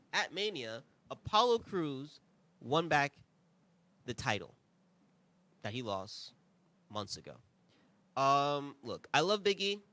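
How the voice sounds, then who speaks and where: Lively, bright-voiced young man ranting. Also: mid-range voice, no echo. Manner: animated, rambling, conversational asides. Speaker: podcast host. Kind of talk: casual opinionated review talk.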